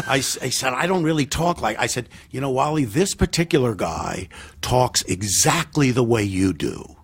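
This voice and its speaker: An older man tells behind-the-scenes stories in a casual podcast interview. His voice has a gravelly, husky grain, he keeps to a middling pitch, and he jumps into quoted voices mid-story. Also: normal speed. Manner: animated anecdotes with quoted voices, frequent fillers and restarts. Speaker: podcast guest, film director.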